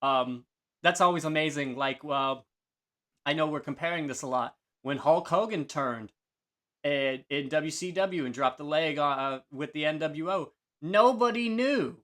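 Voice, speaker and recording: A fairly high-voiced young man hosting a laid-back wrestling recap. He talks in loose stretches full of "uh" and "I mean", sometimes breaking into little acted-out quotes from the broadcasters. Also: measured pace. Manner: relaxed, many fillers and restarts, acts out quotes. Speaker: podcast host. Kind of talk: casual wrestling review chat.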